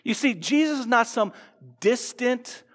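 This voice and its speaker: A man's voice: on the high side, lively intonation, normal speed. Earnest American man preaching in a reverberant hall. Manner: earnest, with repeated restarts and rhetorical questions. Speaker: pastor. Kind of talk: sermon. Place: church sanctuary.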